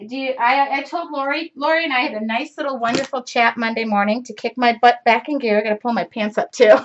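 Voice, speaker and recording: Chatty woman hosting a painting livestream. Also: on the high side. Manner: chatty, rambling, self-joking. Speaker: art livestream host. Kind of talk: casual chat while painting. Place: home art studio. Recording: dull lo-fi livestream audio.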